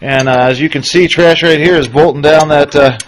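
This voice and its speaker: A male webcast host with a slightly higher-than-usual voice. He chats casually and tells an animated, rambling story while walking through a repair. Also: normal speed, a little hiss or hum, poor audio. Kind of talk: casual how-to chat and storytelling.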